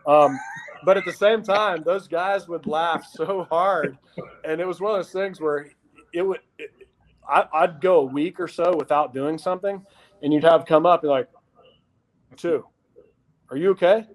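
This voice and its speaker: A man, a former punter, telling stories as a podcast guest, lively and acting out what others said. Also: on the high side, moderate pace. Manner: lively storyteller, acts out quotes. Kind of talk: casual podcast chat, storytelling.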